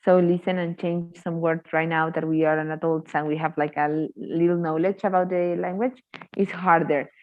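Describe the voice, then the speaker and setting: A woman's voice: fairly low pitch, little pitch movement, normal speed, narrow, tinny audio. A woman with Spanish as her first language, tutoring English in a casual, chatty way with lots of fillers. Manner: chatty, opinionated, many fillers. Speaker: English teacher. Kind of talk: casual online tutoring chat.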